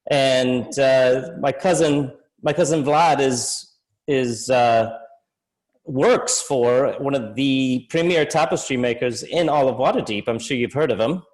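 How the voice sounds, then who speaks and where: A polite, talkative halfling musician from a tabletop game rambles on with plenty of hesitant fillers, as a man puts him on. His voice sits in an ordinary middle pitch. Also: unhurried, a little mellow, lightly acted, poor audio. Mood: friendly, chatty. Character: chatty male halfling musician, polite and gossipy.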